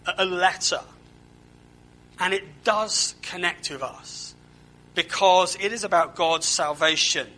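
Bright-voiced man preaching a sermon. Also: high-pitched, slightly rough, low-quality recording. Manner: conversational preaching with rhetorical questions and repeated words. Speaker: pastor.

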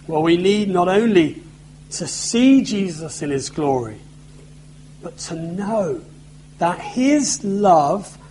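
A man's voice: high-pitched, darkish tone, slight background noise, rough recording. A man preaching a sermon in a conversational way, with self-deprecating humor.

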